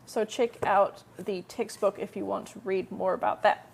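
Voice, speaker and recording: A woman teaching Korean in a live-streamed lesson, chatty, explaining step by step and slowing down to model translations. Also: mid-range voice, fairly even intonation, vocal fry.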